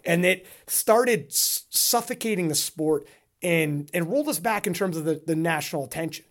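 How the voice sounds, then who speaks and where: Rambling, animated man co-hosting a podcast. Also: a little high, normal speed. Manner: rambling, animated, laughs often. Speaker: podcast co-host. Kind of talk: casual podcast chat.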